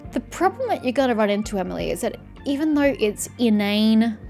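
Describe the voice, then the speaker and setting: A woman's voice: on the high side, expressive, moderate pace, creaky, a little mellow, soft background music. A woman streamer giving casual let's-play commentary with chatty, wry asides. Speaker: video game streamer.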